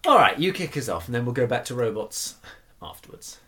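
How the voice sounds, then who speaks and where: A man's voice: mid-range voice, very animated, a little fast, a bit bright. A man co-hosting a casual chat show, reading out listener comments in a teasing, wry way and laughing often. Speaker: podcast co-host.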